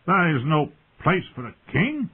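A man's voice: sing-song, slow, slightly rough, heavily acted. A man voicing a drunken, arrogant young exiled king whose voice is thick with wine. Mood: defiant. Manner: slurred, thick with wine, shrill and demanding. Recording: tinny phone-like audio.

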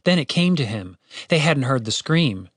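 A man narrating a fantasy audiobook in a steady, wry storytelling way, with casual swearing. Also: medium pitch, normal speed, no echo, clean studio sound.

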